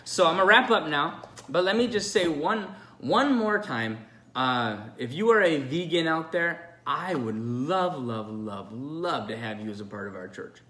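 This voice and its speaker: A man's voice: on the high side, lively intonation, a little slow, pushed and bright. A man, a pastor, giving an earnest, rambling, unscripted message to his listeners. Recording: echoey room.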